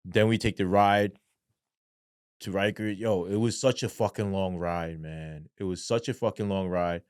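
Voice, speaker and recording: Profane, animated man telling his story. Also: sits low, measured pace, clean tone, dry recording, studio quality. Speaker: guest, former police sergeant. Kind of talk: storytelling interview.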